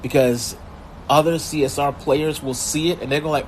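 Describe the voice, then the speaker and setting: A man's voice: on the high side, moderate pace, a little hiss or hum. An older man casually commenting while he streams a mobile racing game, rambling with lots of ums and restarts. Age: older adult.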